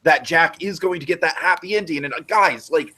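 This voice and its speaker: A man's voice: on the high side, a little fast, sharp tone. Opinionated man hosting a recap chat. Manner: opinionated, emphatic, apologetic asides. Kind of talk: casual recap discussion.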